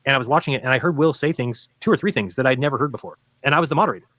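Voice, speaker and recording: A man who used to be a flat earther arguing in a debate, explaining insistently and acting out what other people say. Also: mid-range voice, no room sound. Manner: rapid, insistent explaining with quoted voices. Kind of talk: debate argument played from a recorded stream.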